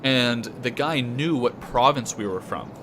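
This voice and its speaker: A man's voice: medium pitch, a little slow. Young canadian dude chatting and cursing on his game stream, lots of hiss behind. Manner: rambling, chatty, swears freely. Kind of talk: casual gaming stream chat.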